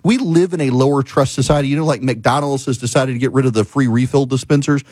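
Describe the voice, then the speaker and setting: A man's voice: mid-range voice, fast talker, a little mellow, slightly rough, no echo. A man hosting a show, telling a story in a casual monologue and ranting with exasperation. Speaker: talk show host.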